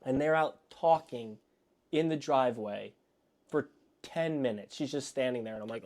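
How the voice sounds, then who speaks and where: A man co-hosting a podcast, telling an excited, rambling story in casual chat from a home studio. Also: medium pitch, moderate pace. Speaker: podcast co-host.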